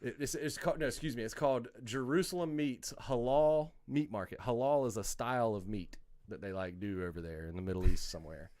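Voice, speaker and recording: A man from North Carolina, hosting a podcast and telling a story in casual chat, animated and cursing freely. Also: mid-range voice, a little fast, hardly any pauses. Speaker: podcast host.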